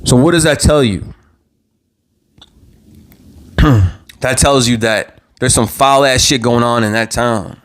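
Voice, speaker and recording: A young man hosting his own live show, giving impassioned commentary in a heated, worked-up voice, repeating himself and stumbling over restarts as he gets louder. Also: medium pitch, takes it slowly, long pauses. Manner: heated, repetitive, stammering restarts, rising to near-yelling. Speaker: vlog host.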